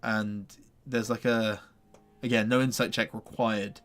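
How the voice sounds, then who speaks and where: A man's voice: fairly low pitch, fairly even intonation, measured pace, fairly bright tone. A man running a tabletop game as game master, narrating in a loose, rambling way full of fillers.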